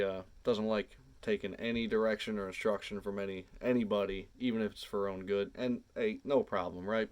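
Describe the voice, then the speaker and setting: A man telling a personal story casually to camera, animated, drawn out and sprinkled with swearing. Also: fairly low pitch.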